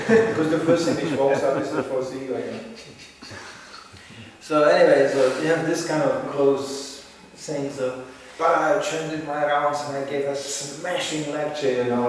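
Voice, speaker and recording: A man telling lively stories in a talk, acting out voices and laughing often. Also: mid-range voice, normal speed, slight background noise. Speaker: speaker at a religious gathering. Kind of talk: storytelling talk. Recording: echoey hall, voice from far off.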